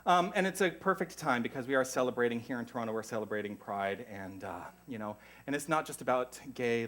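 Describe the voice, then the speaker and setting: An American man welcomes a congregation as minister at a church service, chatty and effusive with rambling asides. His voice is fairly low in pitch with a fairly bright tone.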